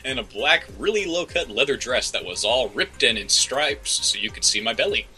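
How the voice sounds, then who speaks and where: A man co-hosting a comedy podcast, reading a story aloud in a deadpan way. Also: medium pitch, normal speed, low-quality recording. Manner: deadpan, breaks into laughter. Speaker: podcast co-host. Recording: faint music bed behind.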